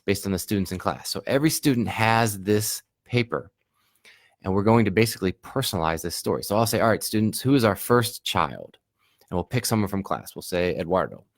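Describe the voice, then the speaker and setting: Deep-voiced man teaching a workshop. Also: dry recording, studio quality. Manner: relaxed, conversational, acts out classroom questions. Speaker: Spanish teacher giving a workshop. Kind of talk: professional development talk.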